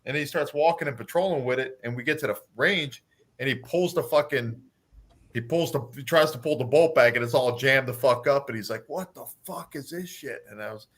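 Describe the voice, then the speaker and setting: A former Marine guest tells barracks prank stories on a livestream, swearing freely and laughing along. His voice is mid-pitched with a bright, forceful edge. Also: fairly quick. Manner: profane, laughing storyteller. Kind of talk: casual livestream chat.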